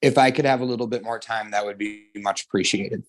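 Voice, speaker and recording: A man's voice: on the low side, fairly even intonation, brisk. A man from Wisconsin, a defendant on a video call, gives polite, brief answers.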